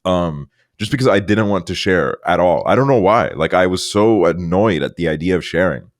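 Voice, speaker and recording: Deep-voiced young man chatting casually. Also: lively intonation, normal speed. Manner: rambling, swears often, mimics voices in stories. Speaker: podcast co-host. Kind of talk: casual chat.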